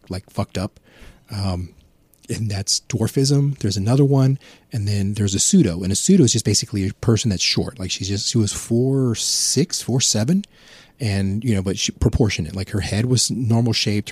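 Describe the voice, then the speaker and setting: A man's voice: lowish voice, a little mellow, breathy edge, no echo. A man chatting casually on a podcast, telling rambling, profane anecdotes. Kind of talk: casual chat.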